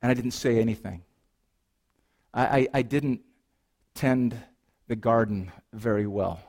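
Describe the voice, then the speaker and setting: A man's voice: medium pitch, unhurried. Man preaching a storytelling sermon. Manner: storytelling, shifts from animated to hushed and earnest. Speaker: pastor. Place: church sanctuary.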